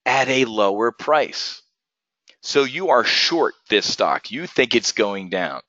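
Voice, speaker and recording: A man teaching options trading on a live webinar, energetic and profane, firing rhetorical questions at his viewers. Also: mid-range voice, slow pace, no echo, muffled recording.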